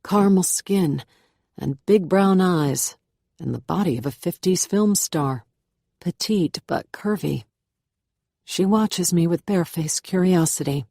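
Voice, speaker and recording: A woman reads a first-person thriller in a low, measured voice, close to the microphone. The sound is dry and intimate, her delivery hushed and tense. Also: vocal fry, dry recording. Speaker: audiobook narrator.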